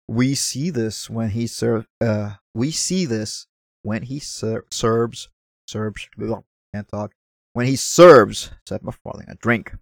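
A man's voice: lowish voice, gravelly, no room sound, clean studio sound. A man giving a casual movie review, chatty, with apologetic asides and the odd stumble over his words.

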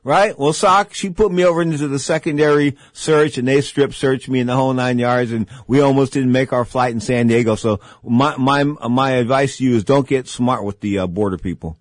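A man's voice: mid-range voice, moderate pace, few pauses, dry recording. A man hosting a radio talk show, teasing and telling stories. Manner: jokey, teasing, storytelling.

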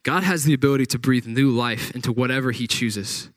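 A man's voice: medium pitch, a little fast, dry recording. A man preaching a sermon, reading scripture aloud and retelling the story with dramatic acted-out quotes. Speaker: pastor.

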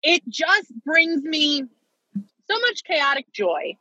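Bright high-voiced young woman, animated. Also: slow pace, no room sound, dull audio. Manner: animated, gushing storyteller. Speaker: podcast co-host. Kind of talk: casual chat.

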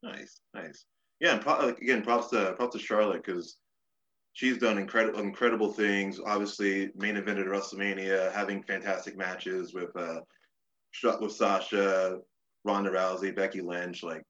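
A man's voice: deep voice, fairly even intonation, moderate pace, a bit bright. A man hosting a podcast interview, speaking as an enthusiastic fan and often restarting his sentences. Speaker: podcast host. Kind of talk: casual interview chat. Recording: dull lo-fi sound.

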